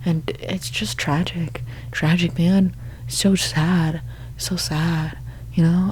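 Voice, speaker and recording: A woman's voice: lowish voice, steady tone, slow, darkish tone, husky. A young woman in whispered role-play, rambling through an absurd monologue in a mostly whispered voice, stumbling and restarting often. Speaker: ASMR creator.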